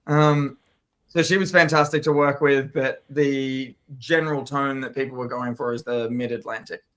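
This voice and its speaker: A man's voice: mid-range voice, fairly even intonation, normal speed, a bit bright, clear, resonant tone. A young man from Australia, an actor, chatting casually as an interview guest, loose and rambling with many fillers and restarts.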